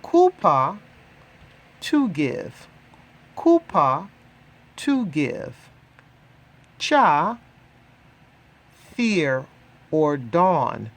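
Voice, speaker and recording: Brief: teacher voice for vocabulary drills, very slow delivery, expressive rising and falling pitch, repeats every word. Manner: slow, deliberate, repeats each word twice for listeners. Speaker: language teacher. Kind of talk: pronunciation drill lesson.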